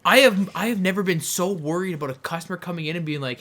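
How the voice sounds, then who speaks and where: A man co-hosts a casual podcast in a bright, sharp, slightly high voice. He tells his stories in an excitable, anxious rush. His delivery is conversational and full of nervous energy. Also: fast. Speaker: podcast co-host.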